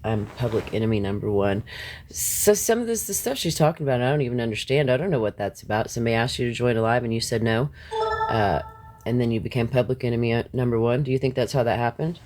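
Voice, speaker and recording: A man's voice: mid-range voice, quick pace, a little mellow, a little hiss or hum. A man hosting a live stream, ranting bluntly and confrontationally at his viewers, swearing freely and laughing between points. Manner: talks back to chat, laughs between points.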